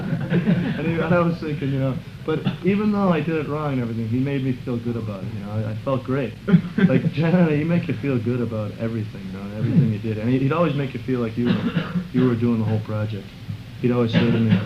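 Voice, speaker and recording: A man's voice: mid-range voice, fast. Middle-aged man, casual storyteller, rambling delivery, mid-range voice, slightly dull lo-fi recording. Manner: rambling, many fillers; acts out quotes in a raised voice. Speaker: interviewee recalling a friend. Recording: muffled recording with clear background noise.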